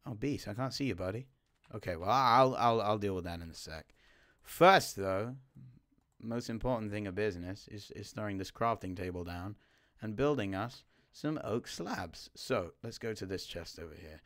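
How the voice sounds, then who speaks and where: A man giving live gameplay commentary, chatting to his teammate and swinging from quiet mutters to sudden startled yelps. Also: on the low side, normal speed. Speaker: gaming YouTuber.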